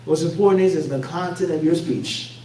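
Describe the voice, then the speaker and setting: Talking fairly quickly with a voice on the high side and a slightly mellow quality, a Philadelphia-accented man teaches an Islamic class. His phrasing is blunt and streetwise, and he throws out rhetorical "what?" prompts for the class to answer. The mic sits far off in an echoey room, with a faint hum.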